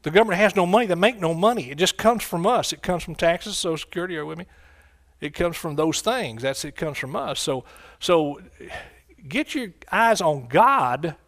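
A man's voice: on the high side, animated, normal speed, a bit bright. A man from the United States preaching a sermon, emphatic, repeating his phrases and calling out to his listeners.

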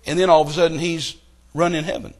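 A middle-aged man preaching a sermon, telling stories and building to loud, emphatic outbursts. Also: fairly high pitch, quick pace. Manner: animated storytelling with rising outbursts.

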